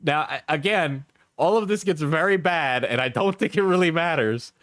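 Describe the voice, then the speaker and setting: A man's voice: a little high, normal speed, a bit bright, dry recording, studio quality. A man streaming from home, casually reading posts aloud and tossing in offhand asides. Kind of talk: casual live-stream commentary.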